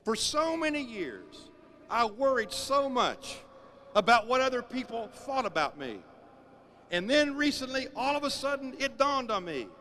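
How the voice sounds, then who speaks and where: A man giving a sermon-style talk, telling stories with emphatic, animated delivery. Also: very high-pitched, unhurried, slight background noise. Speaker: speaker.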